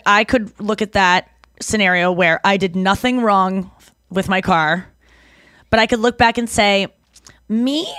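A young adult woman co-hosting a podcast in casual chat. She tells stories in a lively way, acts out other people's lines, and swears freely. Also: mid-range voice, no room sound, studio quality. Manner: animated storyteller who acts out quotes and swears freely. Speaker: podcast co-host.

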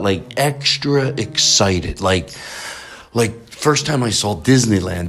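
Guy hosting a podcast, super excitable and rambling, voice bouncing up and down, faint guitar behind him. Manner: excitable, rambling, jumps up in pitch. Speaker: podcast host. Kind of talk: excited casual chat.

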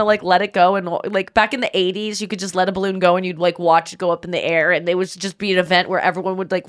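A woman podcast host and comedian telling a casual story in an animated, giggly way, full of fillers. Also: medium pitch.

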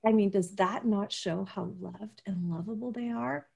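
A woman's voice: medium pitch, moderate pace, creaky, mellow, breathy edge, lo-fi sound. A woman speaking as a parenting guest in a casual interview, earnest and emphatic, often restarting her sentences.

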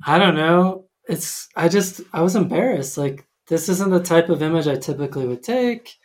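A man's voice: fairly high pitch, expressive, moderate pace. A man in casual conversation, talking hesitantly with many ums and restarts. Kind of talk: casual chat.

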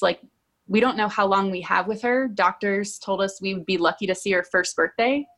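A woman's voice: mid-range voice, steady tone, fairly quick, vocal fry, a bit bright. A woman guest candidly telling a personal story in an interview, talking conversationally. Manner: candid, conversational, many "like" fillers.

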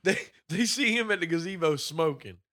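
A young man with a very bright, forward voice and a slightly high pitch riffs through a casual movie-review chat. His intonation swings widely as he rants, swears and slips into quick impressions of characters. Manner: animated, swearing, mimics characters in quotes. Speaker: podcast co-host.

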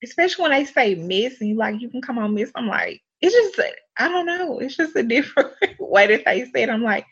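A young woman co-hosting a podcast in casual chat, animated, with playful exaggeration. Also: a little high, brisk, husky. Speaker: podcast co-host. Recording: dull lo-fi sound.

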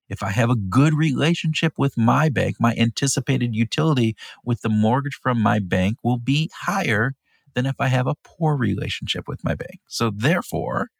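Husky, gravelly podcast co-host. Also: male voice, mid-range voice, dry recording, studio quality. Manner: playful, teasing with mock amazement. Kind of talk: casual conversational podcast chat.

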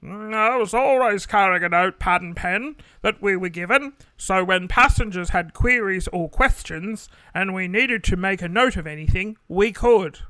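Brief: man impersonating an older ex-flight director, loud and long-winded, dry close sound. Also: high-pitched, moderate pace, few pauses, clear, resonant tone, no echo. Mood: earnest, rambling. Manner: loud, formal and rambling.

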